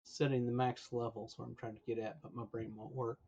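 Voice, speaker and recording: A man's voice: medium pitch, flat delivery, brisk, vocal fry, darkish tone, slightly rough, muffled recording. A man live-streaming an online role-playing game, chatting casually and muttering as he troubleshoots his audio, his voice cracking now and then. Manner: muttering, troubleshooting aloud, mildly exasperated.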